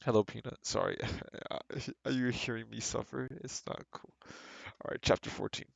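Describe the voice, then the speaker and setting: A man's voice: mid-range voice, steady tone, moderate pace, gravelly, no echo. A man reading a book aloud on stream and breaking off with sarcastic, exasperated commentary.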